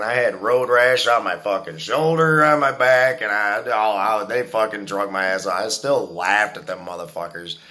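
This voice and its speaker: A man's voice: medium pitch, bright, forceful tone. A man in his forties telling a story to his viewers in a casual, profane, boastful way. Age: 40s. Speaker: vlogger.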